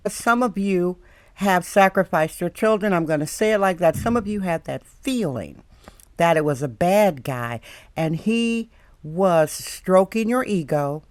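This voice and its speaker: A woman's voice: medium pitch, darkish tone, no echo, studio quality. An older woman giving direct advice to the camera, emphatic and preachy, often repeating her warnings. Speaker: advice mentor. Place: San Francisco, indoors.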